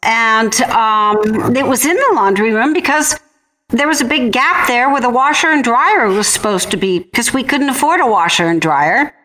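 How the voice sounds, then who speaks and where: A woman's voice: fairly high pitch, animated, moderate pace, pushed and bright, poor audio. Friendly woman guest telling her story. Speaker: wine company co-founder, guest. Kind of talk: casual interview storytelling.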